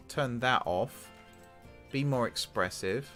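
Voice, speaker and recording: Excitable man commentating a football game. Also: medium pitch, slow, creaky, soft background music. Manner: excitable, talks to the game's players. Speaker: gaming channel host.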